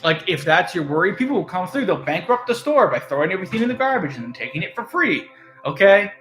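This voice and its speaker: A man's voice: sits high, sing-song, fast. Sarcastic, swearing man in an echoey room. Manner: sarcastic, profane, swings between loud and mumbled. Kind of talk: casual ranting monologue. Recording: echoey room, faint music.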